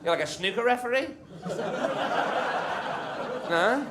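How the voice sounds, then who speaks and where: Brash, high-voiced man doing stand-up. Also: animated, slow pace, heavy background noise. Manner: brash, sweary banter with the audience. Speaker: stand-up comedian. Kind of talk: live stand-up crowd work. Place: comedy club stage with a live audience. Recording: live club recording with crowd.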